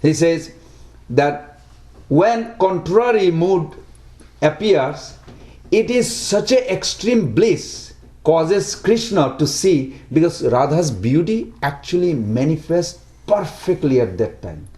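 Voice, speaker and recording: A man giving a devotional talk to a small group in simple, broken English, often asking lively rhetorical questions. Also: fairly high pitch, takes it slowly, echoey room. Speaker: devotional speaker.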